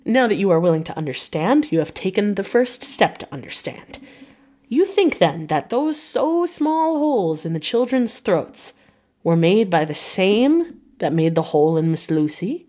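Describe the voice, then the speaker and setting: An elderly Dutch professor, put on by a woman reading an audiobook, grave and earnest, lecturing in stiff, broken formal phrasing. The voice sits a little low and weighty. He pleads and explains with slow solemnity. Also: lively intonation, darkish tone.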